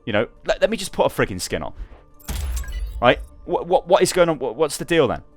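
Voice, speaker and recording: A man's voice: a little high, big pitch swings, a little fast, soft background music. A young man with a sarcastic, exasperated manner, ranting through gaming commentary and swearing freely.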